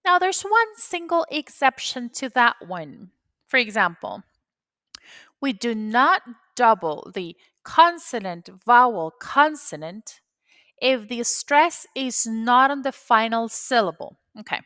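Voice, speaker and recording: This grammar lesson comes from a woman, a native Spanish speaker teaching English, who breaks a rule down step by step and repeats what matters most. She sounds fairly high, very animated, slow, bright and forceful, on a dry recording.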